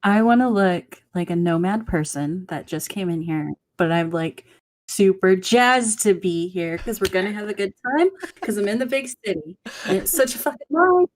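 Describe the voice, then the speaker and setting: A woman's voice: mid-range voice, normal speed. A woman playing a tabletop role-playing game, asking questions and chatting casually. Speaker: player.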